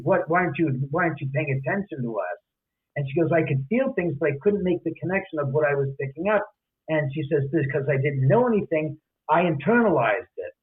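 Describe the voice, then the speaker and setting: A man's voice: on the high side, breathy edge. A man telling a story in a podcast interview, acting out the quoted dialogue with many restarts and asides. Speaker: guest, homeowner and author. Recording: tinny phone-line audio.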